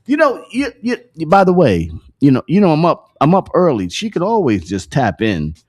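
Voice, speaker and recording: A man's voice: a little high, wildly swooping pitch, moderate pace, a little mellow. Joking guy hosting a morning stream, cusses, laughs a lot, voice all over the place. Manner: joking, laughs often, profane slang. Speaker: host. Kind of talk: casual livestream chat.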